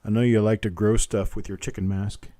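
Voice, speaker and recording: Mellow-voiced man calling a live auction. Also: fairly low pitch, level tone, fairly quick. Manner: repetitive bid-calling chant mixed with folksy banter. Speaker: auctioneer host. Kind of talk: live online auction calling with chatty asides. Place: home.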